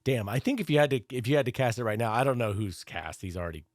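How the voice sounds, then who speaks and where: A man's voice: medium pitch, animated, fast talker, no room sound. A man co-hosting a podcast in casual chat, laughing often and swearing casually. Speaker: podcast co-host.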